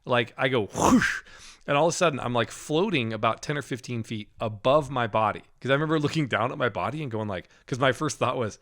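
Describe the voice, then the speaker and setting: A man co-hosting a Christian podcast, telling a personal spiritual experience in a casual, animated way, laughing often and restarting his sentences. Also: medium pitch, fairly quick. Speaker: podcast co-host. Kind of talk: casual faith testimony.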